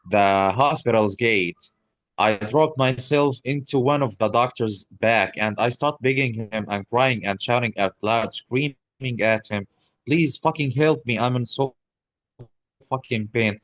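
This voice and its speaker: Man, 30s, halting, restarts a lot, swears bluntly, dry close sound. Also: mid-range voice, no room sound, highs cut off. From Gaza. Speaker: guest. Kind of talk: personal account in an interview.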